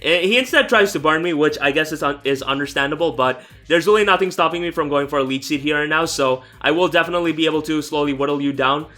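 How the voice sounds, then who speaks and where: A young man talks through his own competitive match in a loose, rambling way, restarting sentences and swearing now and then. His voice is bright and forceful, and sits a little high for a man. Faint music plays underneath. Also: quick pace, hardly any pauses. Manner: rambling, self-correcting, swears casually. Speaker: gaming YouTuber. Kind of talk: casual live gameplay commentary.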